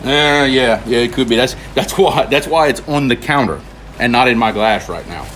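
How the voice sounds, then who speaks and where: A man's voice: medium pitch, normal speed, fairly bright tone, a little hiss or hum. A man hosting a casual live stream from his home kitchen, joking while he cooks. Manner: joking, easygoing, tells jokes. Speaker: livestream host.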